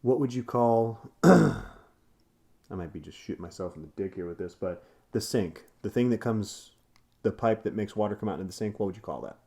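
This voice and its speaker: A man co-hosting a casual podcast chat in a put-on American Southern drawl, playful and quick to laugh, explaining things at length. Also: on the low side, dark tone. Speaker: podcast co-host.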